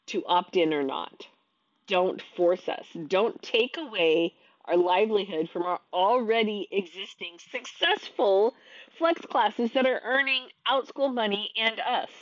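A woman in her thirties talks straight to camera, frustrated and venting, stumbling over her words and restarting as she goes. Her voice sits at a middle pitch. The recording is dry and a little dull. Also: fairly bright tone, dry recording. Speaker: online teacher and vlogger. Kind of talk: casual talk to camera.

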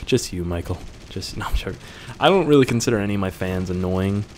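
A man's voice: low-pitched, lively intonation, quick pace, a little mellow, slight background noise. A young man reading viewer questions aloud and answering them in a casual, joking way, swearing now and then.

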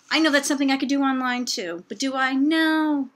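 A woman's voice: sits high, moderate pace. A middle-aged woman ranting casually to camera, chatty and exasperated, with self-mocking asides. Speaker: vlogger.

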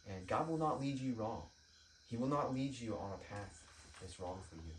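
A man's voice: mid-range voice, animated, moderate pace, a little hiss or hum. Man preaching in an echoey room. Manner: rambling storytelling with frequent ums and restarts. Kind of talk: informal sermon story and prayer. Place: church prayer room. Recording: echoey room, mic at a distance.

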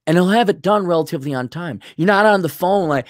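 A man's voice: high voice, quick pace, few pauses, no room sound, clean studio sound. A middle-aged man ranting bluntly and sarcastically in a vlog monologue. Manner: blunt, sarcastic, animated, mocks others in put-on voices. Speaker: vlogger.

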